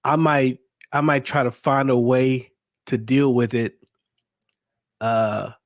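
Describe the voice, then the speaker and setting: Male podcast co-host, hesitant and thoughtful, mid pitch, dry sound. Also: fairly even intonation, slow pace, no echo. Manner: hesitant, searches for words, restarts. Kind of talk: casual conversation.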